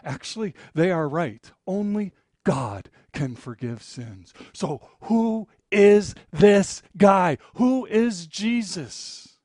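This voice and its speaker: A man preaching a sermon as pastor, swinging between loud emphatic lines and hushed, low passages. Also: animated, slow pace, no room sound, clean studio sound.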